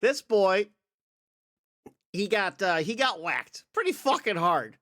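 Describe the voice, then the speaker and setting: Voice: mid-range voice, sing-song, takes it slowly, a bit bright. A game master narrating a tabletop game, rambling and full of filler words.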